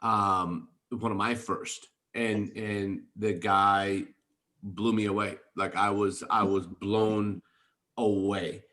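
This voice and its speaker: Excited low-voiced man on a video call. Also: takes it slowly. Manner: excited, emphatic, storytelling. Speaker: network marketing team leader. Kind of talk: enthusiastic motivational talk on a video call.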